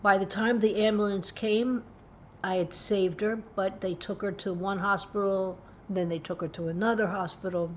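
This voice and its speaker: A woman's voice: steady tone, moderate pace, muffled recording, a little hiss or hum. Woman earnestly retelling a frightening story. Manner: earnest, vivid retelling with hushed low passages. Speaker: parenting tips host. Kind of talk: personal story told to camera.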